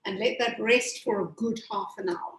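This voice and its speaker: A woman's voice: medium pitch, fairly even intonation, moderate pace, a bit bright, a little hiss or hum. A woman pastry chef from Zimbabwe giving a chatty step-by-step cooking demonstration with plenty of fillers. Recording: echoey room.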